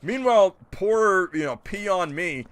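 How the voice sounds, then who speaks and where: A gaming streamer with a high voice and lively intonation talks slowly and casually while playing. He responds to his chat with incredulous, joking rants.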